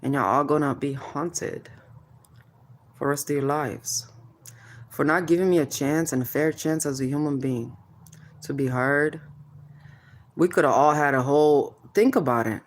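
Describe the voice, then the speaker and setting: A woman's voice: sits low, normal speed, pauses often. A mother speaking straight to the camera, confronting officials head-on, prodding with questions and calling people "baby" as she warns them of spiritual payback. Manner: confrontational, addresses officials directly, keeps prodding "hmm?"; calls listeners "baby", spiritual warnings. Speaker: mother speaking out about child services. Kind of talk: direct-to-camera vent.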